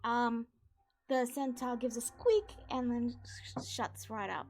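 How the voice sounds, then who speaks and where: A woman's voice: on the high side, fairly even intonation, takes it slowly, a little mellow. Woman narrating as game master.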